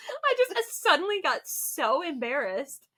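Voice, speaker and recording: Bright-voiced woman telling animated stories. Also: high voice, a little slow. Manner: animated storytelling, laughs often. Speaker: podcast co-host. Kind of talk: casual chat.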